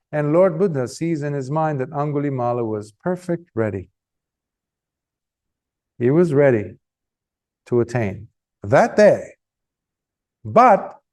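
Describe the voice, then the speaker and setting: A man, a monk teacher, giving a dharma talk and telling a story with animated shifts of pace and emphasis. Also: a little high.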